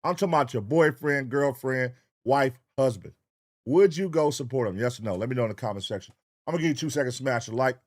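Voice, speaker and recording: A man from the US West Coast hosting a late-night livestream, loose and profane, reeling off shout-outs to chat viewers in a sing-song way. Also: mid-range voice, quick pace, no echo, clean studio sound. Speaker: livestream reaction host.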